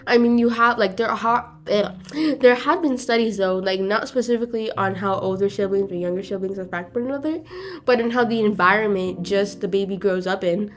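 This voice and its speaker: A woman co-hosting a podcast with her sister, chatting in an animated, slangy way on a close mic. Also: medium pitch, fairly quick. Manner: animated and slangy, heavy on filler 'like', acts out voices. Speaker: podcast co-host, younger sister. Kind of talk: casual chat. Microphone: close studio mic.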